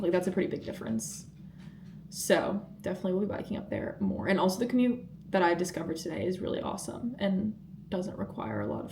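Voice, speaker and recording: A woman's voice: mid-range voice, creaky, darkish tone, a little hiss or hum. A woman chatting casually to camera as a vlogger, upbeat and rambling with lots of fillers. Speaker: vlogger training for triathlon. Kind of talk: casual vlog chat to camera.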